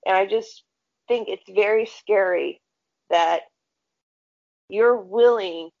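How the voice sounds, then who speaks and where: A woman's voice: mid-range voice, takes it slowly, vocal fry, darkish tone. Woman co-host, casual podcast chat, blunt and profane storyteller, dull lo-fi audio. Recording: dull lo-fi sound.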